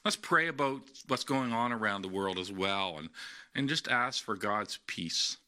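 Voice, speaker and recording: Bright, earnest pastor preaching a sermon. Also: male voice, lowish voice, animated, a little slow. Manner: earnest, heartfelt storytelling. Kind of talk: sermon to an online congregation.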